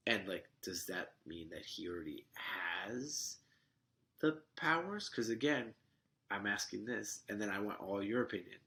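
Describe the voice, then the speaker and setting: A man recapping a film on a casual podcast, animated and full of questions. His low voice is gravelly with a bright, forward edge. He speaks at an unhurried, slow pace. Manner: animated retelling of scenes, asks questions. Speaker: podcast co-host. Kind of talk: casual movie review chat.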